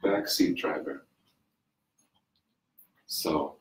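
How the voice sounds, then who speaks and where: A man's voice: very deep voice, extremely slow, distant mic. A man teaching English on a casual livestream, chatty, who laughs often and keeps checking in with "right?". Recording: roomy echo, off-mic.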